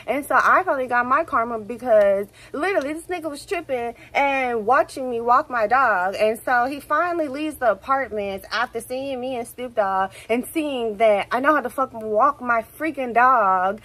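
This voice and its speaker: A young woman with a Houston accent, telling a story to her vlog in a casual, animated way, full of swearing and "like, literally" fillers. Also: high-pitched, moderate pace, few pauses, poor audio. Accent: Southern US, Houston. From Texas, USA. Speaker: vlogger.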